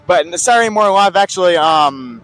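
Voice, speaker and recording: A man's voice: sits high, animated, fast talker, fairly bright tone, faint music behind, rough recording. A man talking casually about the history of his video channel, rambling with many restarts and asides. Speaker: video creator looking back on his channel.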